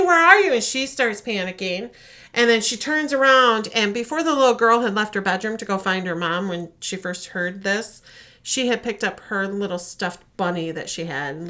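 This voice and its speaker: A woman co-hosting a podcast, animatedly retelling a horror short and acting out the voices. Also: mid-range voice. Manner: animated storytelling, acts out voices. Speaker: podcast co-host.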